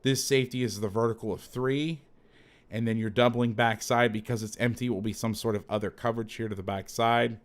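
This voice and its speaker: A man coaching through game film in a casual breakdown, chatty and quick to correct himself. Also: on the low side.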